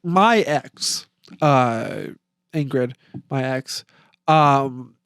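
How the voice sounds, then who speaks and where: A man's voice: mid-range voice, lively intonation, very slow, fairly bright tone, clear, resonant tone, no room sound, studio quality. A young man co-hosting a casual podcast, rambling and stammering through many restarts. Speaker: podcast co-host. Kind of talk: casual chat.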